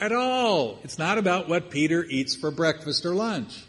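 A man's voice: on the high side, animated, moderate pace, a bit bright. An older man preaching a sermon, with joking, conversational asides as he teaches from scripture. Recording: long hall reverb.

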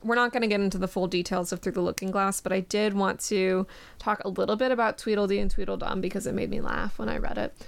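A woman's voice: medium pitch, fairly even intonation, fast, creaky. A woman hosting a podcast, chatting casually about a book, laughing easily and reading passages aloud. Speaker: podcast host. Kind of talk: casual book discussion chat.

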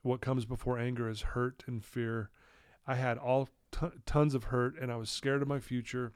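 A middle-aged man from Utah, a podcast guest telling his life story earnestly and acting out quoted dialogue in a hushed voice. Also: medium pitch, level tone, moderate pace, no echo, clean studio sound. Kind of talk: candid podcast conversation.

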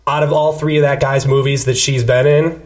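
A man's voice: medium pitch, little pitch movement, brisk. A man hosting a casual podcast chat, blunt, profane and joking. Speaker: podcast host.

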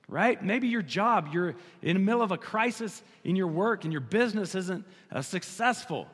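A pastor delivering a sermon, a man with a slightly raised voice who grows animated and then slows down hard on his key lines. His voice rings out with a long reverb, as in a large church hall. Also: high voice.

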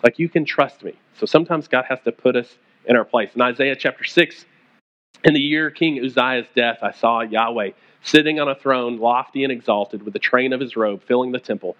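A pastor preaching a conversational sermon, retelling stories and acting out the quoted voices. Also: male voice, mid-range voice, a little fast, fairly bright tone, lo-fi sound.

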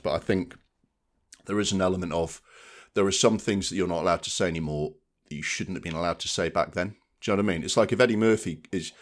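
A man with a deep, low-pitched voice talks casually as a podcast co-host. He rambles a little and keeps checking in with his listener. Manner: chatty, frequent "do you know what I mean". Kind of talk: casual chat.

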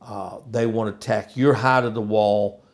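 A man's voice: fairly low pitch, fairly even intonation, a little slow. A man delivering an emphatic, preachy opinion monologue, hammering points with repetition.

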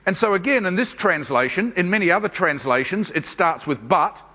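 Male preacher with a high voice, unhurried sermon delivery, reverberant church hall. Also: lively intonation, pushed and bright, slightly rough. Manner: measured, unhurried delivery with frequent pauses and fillers. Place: church service.

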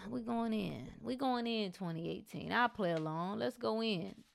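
Gravelly woman giving a fiery pep talk. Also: mid-range voice, a little slow. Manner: preachy, emphatic, rising to loud exhortation. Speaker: motivational speaker. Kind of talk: motivational monologue.

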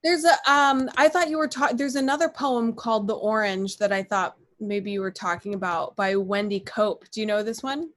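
A woman's voice: mid-range voice, normal speed, hardly any pauses. A woman co-hosting a casual podcast, chatty and stumbling, with lots of 'like' and restarts. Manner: chatty, uses 'like' often, stumbles on words. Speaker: podcast co-host. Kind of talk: casual chat.

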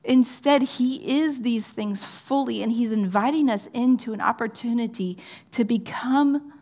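A woman giving an earnest, conversational sermon, often checking in with "right?" and sometimes dropping to a soft, near-whispered tone. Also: a little high, unhurried. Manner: drops to soft, near-whispered phrases at times. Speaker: pastor.

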